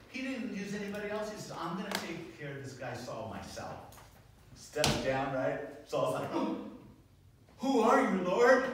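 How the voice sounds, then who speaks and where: A pastor leads a Bible doctrine class, his slightly high voice rising and falling with animated energy. He keeps checking in with rhetorical questions. He is captured from far off in an echoey, noisy classroom. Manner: animated, peppers talk with rhetorical "right?".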